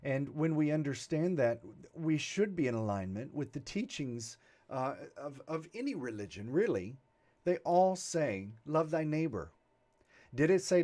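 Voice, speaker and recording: A man's voice: a little high, animated, a little slow. A man giving a Sunday sermon on a livestream, talking casually with asides and laughs before leading a guided meditation. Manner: warm, conversational preaching with laughs and asides. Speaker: reverend leading a Sunday broadcast.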